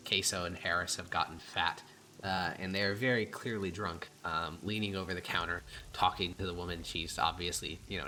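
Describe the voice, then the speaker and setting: A man narrating as game master in a tabletop game, casual and halting with fillers. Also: deep voice, bright, forceful tone, slight background noise.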